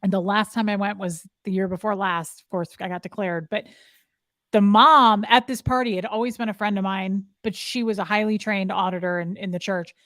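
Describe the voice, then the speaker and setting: A woman's voice: medium pitch, steady tone, moderate pace, fairly bright tone, dry recording. Candid woman co-host, dry close sound. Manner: candid, storytelling, mimics clipped commands. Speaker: podcast co-host. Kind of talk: casual chat.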